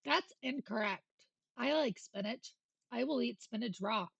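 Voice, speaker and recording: A woman streamer with a high, gravelly voice chats in an animated, joking, sweary way. Her husky tone sits close on the mic in a dry, dead recording. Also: a little slow, dry recording, highs cut off. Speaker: livestreamer. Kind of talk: casual stream chat.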